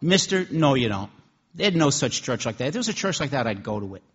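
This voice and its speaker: Brief: greasy diner cook, gruff and pushy, voice raised high, put on by a male preacher. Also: sing-song, fast talker, highs cut off. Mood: earnest. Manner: loud and urging.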